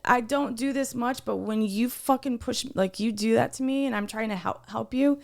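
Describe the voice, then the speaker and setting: This podcast co-host speaks at a fairly high pitch and moderate pace with a creaky quality. Telling a workplace story, she's casual but heated and animated, with plenty of swearing.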